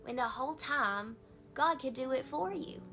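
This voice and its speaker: A woman's voice: sits high, animated, normal speed, bright, forceful tone, soft background music. A woman pastor with a Southern US accent, giving a folksy, conversational devotional talk.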